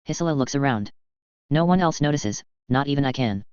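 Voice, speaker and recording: A man reads fan fiction aloud in a very clear, smooth voice at a middle pitch. The delivery stays even and plain. The recording is dry and a little dull, with a lo-fi sound. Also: brisk, no echo. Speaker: audiobook narrator.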